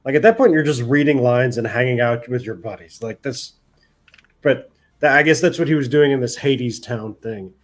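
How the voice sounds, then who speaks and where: A man co-hosts a casual reaction video. He has an ordinary mid-pitched voice and lays out wry, opinionated remarks in a drawn-out way.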